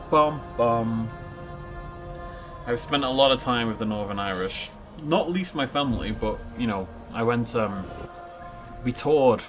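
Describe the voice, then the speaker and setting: A young man casually narrating his gameplay, chatty and self-mocking, drifting into long anecdotes. His medium-pitched voice swings widely up and down as he talks. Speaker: gaming video host. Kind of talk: casual let's play commentary.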